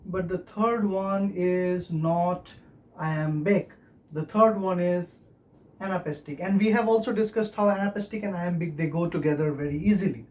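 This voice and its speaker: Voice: medium pitch, normal speed, a little mellow. A lecturer giving a recorded video lesson on poetry, patiently explaining and tapping out the stressed beats of verse aloud. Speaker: literature lecturer.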